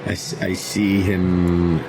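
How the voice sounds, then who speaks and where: A man playing a tabletop game, joking and animated. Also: low-pitched, slow pace, noisy background. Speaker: player. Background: background music.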